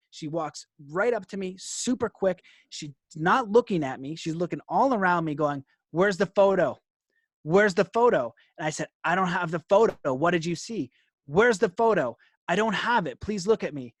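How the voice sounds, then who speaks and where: Animated high-voiced man telling a story. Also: no room sound, clean studio sound. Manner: animated, laughs often, frequent "like". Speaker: guest. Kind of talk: storytelling in an interview.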